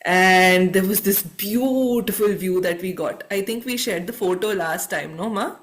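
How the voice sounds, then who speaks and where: A woman's voice: mid-range voice, measured pace. A woman telling a personal story on a video call, acting out her own thoughts.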